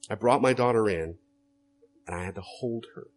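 A man's voice: fairly low pitch, normal speed. A man preaching a sermon as a pastor, earnest and direct, often putting rhetorical questions to his listeners.

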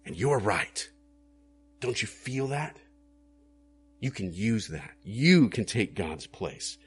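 A preacher voicing a sly devil who whispers temptations in a low, hushed, coaxing way. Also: male voice, expressive, slow pace, a little hiss or hum.

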